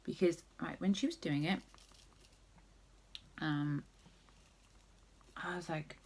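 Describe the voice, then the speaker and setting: A woman's voice: low-pitched, steady tone, takes it slowly, darkish tone, slightly rough. A woman vlogger chatting casually through a makeup tutorial, rambling with jokey asides.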